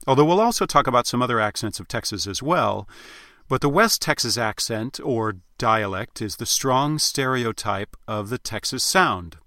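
Bright-voiced male accent coach. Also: mid-range voice, no echo, studio quality. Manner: clear, explanatory teaching. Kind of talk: recorded accent lesson.

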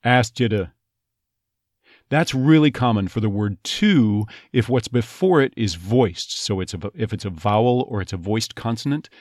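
A man's voice: lowish voice, a little mellow, no room sound, studio quality. A man working as an accent coach, teaching step by step and demonstrating sounds word by word. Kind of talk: instructional teaching.

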